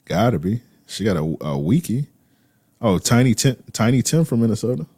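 Low-voiced man in loose slangy chat. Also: big pitch swings, moderate pace, mellow, husky, dry recording. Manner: loose, laid-back banter with heavy slang. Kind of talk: casual chat.

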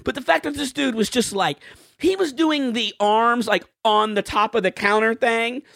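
A man's voice: extremely high pitch, normal speed, vocal fry, fairly bright tone, dry recording. A man co-hosting a podcast, ranting animatedly in casual chat, swearing freely, with a close microphone.

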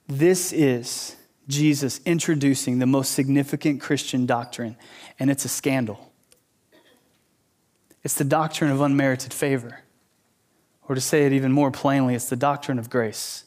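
A man preaches a sermon and drives home his points with animated, emphatic storytelling. His voice sits fairly high. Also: normal speed, long pauses. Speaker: pastor, teacher.

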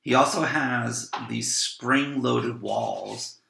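A man with a very gravelly, bright voice tells a rambling story on a podcast. He stumbles over repeated words and acts out quotes. The room around him is echoey. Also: medium pitch, very slow, a little hiss or hum. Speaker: podcast guest, van traveler. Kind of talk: casual storytelling. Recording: roomy echo.

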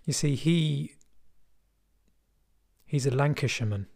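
A middle-aged man with a soft West London accent tells his own story at a steady, measured pace. His voice sits in an ordinary middle pitch, and his delivery is thoughtful, reflective and quietly wry. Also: creaky. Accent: West London English. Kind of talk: personal storytelling.

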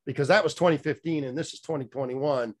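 A man's voice: fairly high pitch, fairly even intonation, fast talker. A middle-aged man telling a candid personal story as a guest, rambling with many fillers and restarts, blunt and a little profane.

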